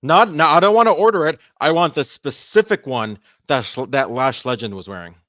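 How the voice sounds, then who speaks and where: A man co-hosting a podcast in casual chat, talking in an animated, rambling way and often stammering over his words. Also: on the high side, brisk, dry recording, clean studio sound. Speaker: podcast co-host.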